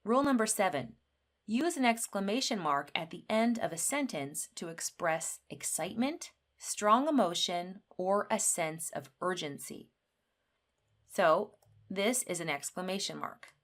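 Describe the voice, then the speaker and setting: A woman teaching an English grammar lesson, explaining rules slowly and clearly and reading example sentences with lively emphasis. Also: medium pitch.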